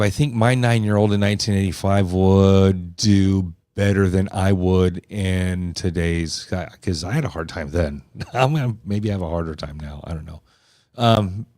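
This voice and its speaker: A podcast host around fifty, with a low, slightly mellow voice, chats casually in clean, echo-free studio sound. He rambles loosely, full of fillers and restarts.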